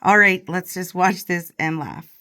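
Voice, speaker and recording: A woman hosting a casual online commentary, her voice hoarse from overuse, chatting and laughing often. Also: on the low side, unhurried, pushed and bright.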